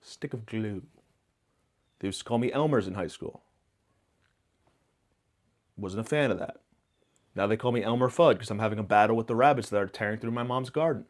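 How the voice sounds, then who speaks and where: A man's voice: fairly low pitch, moderate pace, pauses often. Rambling man doing a comic monologue. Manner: self-mocking, absurd tangents, deadpan hot takes. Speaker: podcast host.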